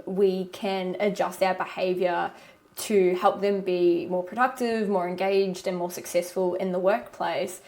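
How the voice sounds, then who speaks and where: A woman's voice: mid-range voice, darkish tone. A woman hosting a podcast, reflecting in an articulate, coaching manner on leadership. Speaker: podcast host. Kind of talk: interview commentary.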